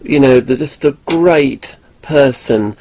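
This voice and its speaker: A male vlogger chats loosely to camera with jokey enthusiasm. His voice is mellow and darkish, at a middle pitch. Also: takes it slowly, a little hiss or hum, rough recording. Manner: jokey, eager, loose chatter. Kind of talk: casual vlog talk to camera.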